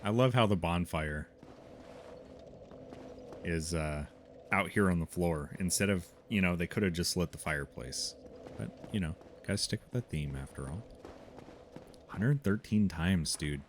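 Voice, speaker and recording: Brief: male gaming streamer, deep voice, unhurried, chatty and excitable, faint noise behind. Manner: excitable, chatty, reacting out loud. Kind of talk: casual gaming commentary.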